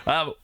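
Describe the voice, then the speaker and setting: A man's voice: bright, forceful tone, no room sound. A young man streaming live, chatting casually with his viewers and joking and laughing a lot.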